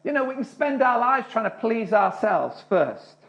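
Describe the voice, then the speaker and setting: A man's voice: extremely high pitch, very animated, normal speed, a bit bright. A man preaching a sermon, speaking earnestly and often restarting his words. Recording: dull lo-fi recording.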